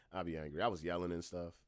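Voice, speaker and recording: A man hosting a casual podcast, talking bluntly and with swearing, moving between calm talk and loud, heated ranting. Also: deep voice, dry recording, studio quality. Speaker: podcast host.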